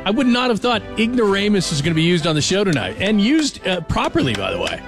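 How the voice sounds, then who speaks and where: Excited guy hosting talk radio, bouncy high voice, music going behind him. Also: fast, gravelly. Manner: excited, reacting with enthusiasm. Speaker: radio show host.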